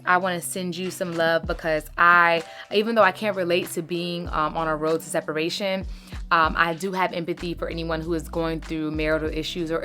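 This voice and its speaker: A woman's voice: lowish voice, pushed and bright. Chatty woman giving marriage advice. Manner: chatty, emphatic, uses "sis" and "baby". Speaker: lifestyle content creator. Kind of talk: casual advice talk to followers.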